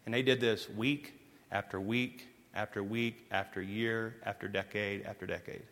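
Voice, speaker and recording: A man preaching a sermon as pastor, telling stories emphatically and moving between forceful lines and hushed ones. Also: fairly low pitch, fairly even intonation, moderate pace. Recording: long hall reverb.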